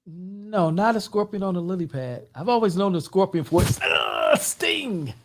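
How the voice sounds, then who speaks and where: A man, a pastor, hosting an interview and asking measured questions, often repeating his words. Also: high-pitched, a little mellow. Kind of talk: interviewing a guest.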